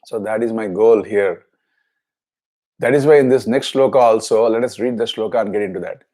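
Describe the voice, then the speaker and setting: A man teaching a scripture class, explaining each word slowly and chanting verses twice. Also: on the low side, warm tone.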